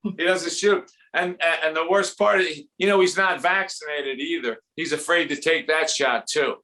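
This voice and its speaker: A man with a Philadelphia accent doing a rambling, jokey comedy set at a fundraiser and dropping into quick impressions. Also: fairly high pitch, pushed and bright.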